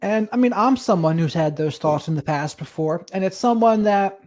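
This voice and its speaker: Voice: mid-range voice, lively intonation, normal speed, a little mellow. Podcast host, mid-range voice, affirming, conversational interview. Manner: agreeable, affirming, opening up.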